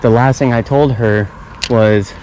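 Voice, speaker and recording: A man's voice: medium pitch, steady tone, a little slow, darkish tone, slight background noise, rough recording. A young man filming a fishing vlog outdoors at a pond on an action camera, talking in a laid-back, chatty way and often repeating himself. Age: young adult. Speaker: fishing vlogger. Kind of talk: casual vlog commentary.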